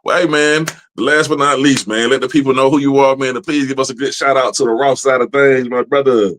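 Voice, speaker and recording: A man's voice: mid-range voice, fairly even intonation, brisk, a bit bright, a little hiss or hum. A man hosting a podcast, talking loosely with lots of slang and profanity. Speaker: podcast host. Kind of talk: casual podcast chat.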